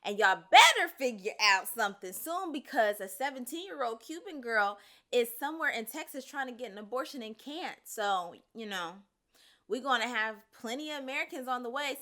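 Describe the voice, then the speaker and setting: A woman's voice: a little high, sharp tone. A woman hosting a commentary show, talking in a blunt, sassy and profane way. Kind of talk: casual social commentary.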